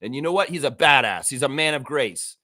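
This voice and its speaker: Man, livestream host, lively swinging pitch, bright tense voice, excitable, swears. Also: fairly quick. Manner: excitable, swears, acts out bits of dialogue. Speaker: host of a daily fan livestream. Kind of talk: casual livestream chat.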